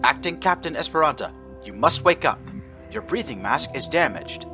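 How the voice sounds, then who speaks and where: A man's voice: a little high, lively intonation, moderate pace, over music, pitched above the performer's own voice, natural voice. A man voicing a starship's artificial intelligence that insists urgently on waking its officer. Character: calm male ship computer AI.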